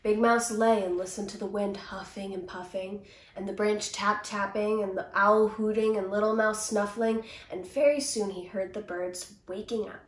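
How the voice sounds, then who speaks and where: A woman actor reading a children's picture book aloud with gentle, expressive storytelling. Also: mid-range voice, moderate pace. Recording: roomy, distant mic.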